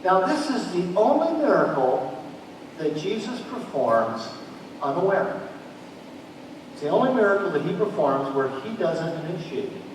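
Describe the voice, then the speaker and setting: A man's voice: sits high, very animated, normal speed. A male pastor preaching a sermon who retells a story with dramatic, building urgency. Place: church sanctuary. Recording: echoey church hall, distant mic, faint noise.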